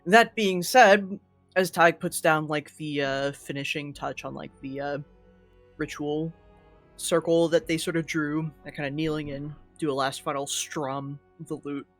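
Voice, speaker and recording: Chatty higher-voiced male player. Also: fairly even intonation, measured pace, a bit bright, faint music behind. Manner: loose chatty talk with many fillers. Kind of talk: casual tabletop play.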